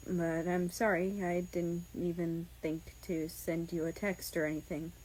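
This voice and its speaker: A woman reading aloud, voicing a fragile young man who speaks quietly and apologetically through tears. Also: mid-range voice, steady tone, normal speed, close to an everyday voice, poor audio. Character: fragile, tearful young man, the first-person hero. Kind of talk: fan fiction audiobook reading.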